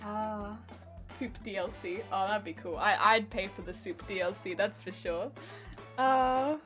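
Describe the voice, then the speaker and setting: An Englishwoman livestreams her crafting, chatting casually and playfully with her audience at a normal speed in an animated, medium-pitched voice. She rambles, giggles, and reads the chat aloud, with faint music behind her.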